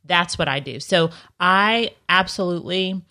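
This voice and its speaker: A woman with a Southern accent chats about faith in an earnest, reflective way, often pausing and restarting. Her voice is lowish and bright, with a forceful edge. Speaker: podcast co-host. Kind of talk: casual faith chat.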